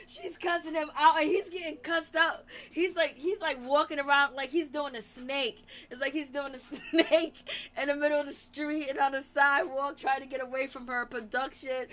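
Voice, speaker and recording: A woman with a high voice runs a live-stream gossip recap for her viewers. She talks animatedly, breaks into laughter often, and keeps exclaiming to herself as she retells each scene. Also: fairly even intonation, normal speed, a bit bright, soft background music. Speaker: reality TV commentary host.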